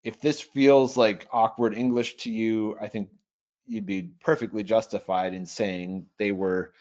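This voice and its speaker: A man leading an online teaching webinar, reading Greek slowly and working through its grammar aloud in a measured way. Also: on the low side, expressive, a little mellow. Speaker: Bible software trainer. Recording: dull lo-fi webinar audio.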